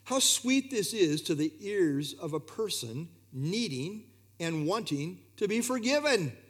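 A man's voice: high voice, very animated, unhurried, husky. A man preaching an expository sermon, earnest and emphatic, often repeating key phrases.

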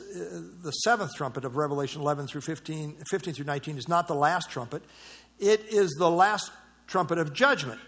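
Male Bible study teacher, high-ish voice, conversational and explanatory. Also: fairly bright tone. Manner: conversational, explanatory, with fillers and restarts.

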